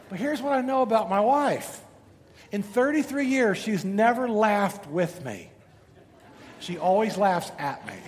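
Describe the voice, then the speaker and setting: Preaching in a high-pitched voice, a middle-aged pastor fills his sermon with lively stories, rhetorical questions and repeated words. It echoes through a reverberant hall, with faint background noise.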